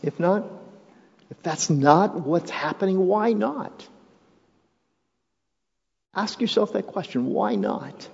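A male pastor preaching a sermon, swinging from hushed, drawn-out phrases to raised, urgent appeals and calling on the congregation to repeat lines after him. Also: high-pitched, animated, vocal fry, husky. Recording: dull, lo-fi sound with long hall reverb.

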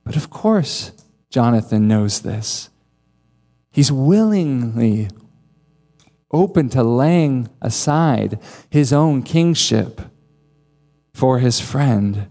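Slow, earnest male preacher in a hall. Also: mid-range voice, lively intonation, mellow. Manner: emphatic, earnest preaching with dramatic pauses. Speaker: pastor. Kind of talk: sermon. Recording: long reverb of a large hall.

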